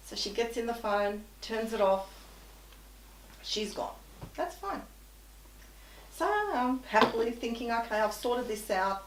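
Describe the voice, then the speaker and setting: A woman's voice: medium pitch, recorded from a distance, a little hiss or hum. A woman guest telling an anecdote in conversation, animatedly acting out both sides of the dialogue. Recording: echoey room.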